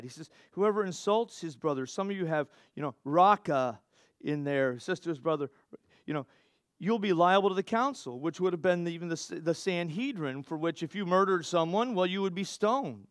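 A man's voice: sits high, expressive, moderate pace, smooth, dry recording, studio quality. A man preaching a sermon in a conversational way, with asides, restarts and rhetorical questions to the congregation. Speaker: pastor.

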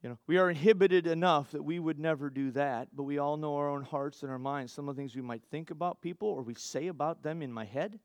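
A man's voice: fairly high pitch, quick pace, few pauses, clear, resonant tone, dry recording, clean studio sound. A man preaching a sermon in a conversational way, with asides, restarts and rhetorical questions to the congregation. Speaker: pastor.

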